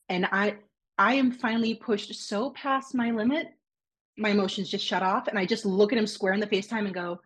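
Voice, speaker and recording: A woman's voice: medium pitch, brisk, slightly rough. A woman telling a personal story in casual podcast chat, candid and swearing freely, acting out what others said. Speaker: podcast guest.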